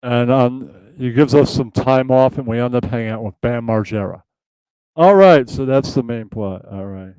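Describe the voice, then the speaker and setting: A man's voice: mid-range voice, normal speed, darkish tone, smooth, no room sound, poor audio. A man hosting an improvised puppet comedy show and explaining the plot casually. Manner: switches between silly voices and plain talk.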